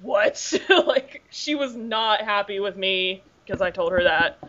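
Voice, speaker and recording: A woman's voice: medium pitch, animated, measured pace, a bit bright. A woman hosting a podcast in casual chat, talking loosely with lots of "like" and the odd swear word. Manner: chatty, profane, filler-heavy with "like". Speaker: podcast host. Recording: dull lo-fi podcast audio.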